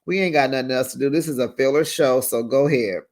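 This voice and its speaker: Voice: mid-range voice, fast, a little mellow. A sassy, gossipy host giving a casual recap of a reality TV episode and talking straight to viewers.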